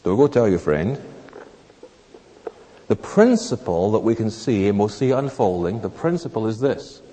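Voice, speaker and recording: A man preaching a sermon in a church hall, animated, acting out little scenes in raised voices. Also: fairly low pitch, normal speed. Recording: long reverb of a large hall.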